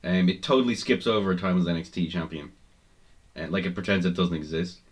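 A man co-hosting a casual wrestling podcast, swearing freely and swinging between loud excitement and mumbling. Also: deep voice, a little fast. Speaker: podcast co-host.

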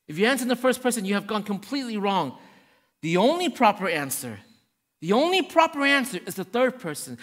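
A man preaching a sermon to his congregation, swinging between hushed and raised passages and often checking in with the room. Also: sits high, very animated, fairly quick. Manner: addresses the congregation directly, checking in with "right?". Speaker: pastor. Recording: long hall reverb.

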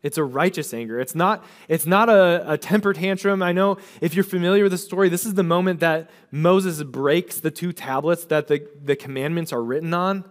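A man's voice: on the high side, moderate pace, few pauses. A young adult male pastor preaching a sermon, retelling scripture in casual, chatty paraphrase and acting out the figures' words in his own voice.

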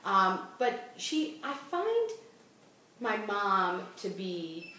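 A woman's voice: medium pitch, huge pitch swings, drawn-out words, sharp tone. A middle-aged woman with a Boston accent, hosting a casual podcast chat. She talks in a chatty way, restarts her sentences often and laughs as she talks. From Boston area. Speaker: host. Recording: echoey room, voice far from mic.

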